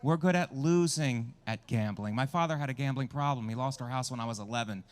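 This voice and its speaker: A man's voice: medium pitch, a little fast, smooth. Crude man doing stand-up outdoors. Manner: crude, self-mocking crowd work. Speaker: stand-up comedian. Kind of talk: stand-up comedy set.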